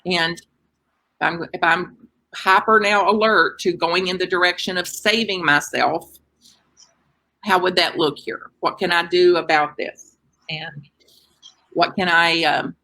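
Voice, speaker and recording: A middle-aged woman minister giving a conversational sermon, moving between gentle reflection and lively emphasis. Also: on the low side, gravelly, poor audio. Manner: conversational, warm-hearted preaching with lively emphasis.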